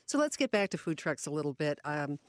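A radio host steers a talk show with plain, direct questions. The voice sits in a middle pitch. The sound is dry and close. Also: very animated, brisk, no room sound. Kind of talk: radio interviewing.

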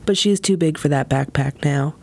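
A woman performing her own spoken-word poem in a wry, deadpan, measured way. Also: deep voice, vocal fry, breathy edge. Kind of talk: spoken-word poetry reading.

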